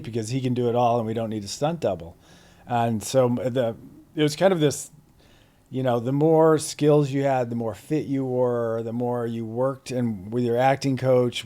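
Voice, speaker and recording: A middle-aged man from Massachusetts talks as an interview guest. His voice is mellow and dark, at an ordinary pitch for a man. He rambles in a laid-back, slangy way, full of fillers and restarts. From Plymouth, Massachusetts. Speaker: guest actor. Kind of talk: casual interview storytelling.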